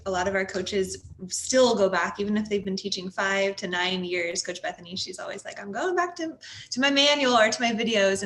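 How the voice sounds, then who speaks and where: A woman's voice: medium pitch, a bit bright. Friendly woman host asking questions. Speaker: interview host, program representative. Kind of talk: casual interview questions. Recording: faint background noise.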